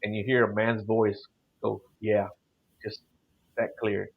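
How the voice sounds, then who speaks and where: A middle-aged man with a lowish voice tells a long ghost story in a loose, wandering way, filling his sentences with little asides. The sound is dull and lo-fi, like a call-in show recording. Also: level tone, a little slow, vocal fry, breathy edge. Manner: rambling, lots of "you know" and "like". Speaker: guest telling paranormal experiences.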